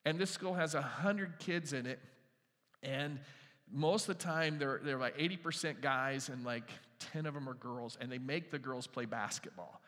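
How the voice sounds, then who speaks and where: A man preaching a sermon in a conversational storytelling way, dropping quiet for emphasis. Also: medium pitch, normal speed, in a large hall. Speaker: pastor.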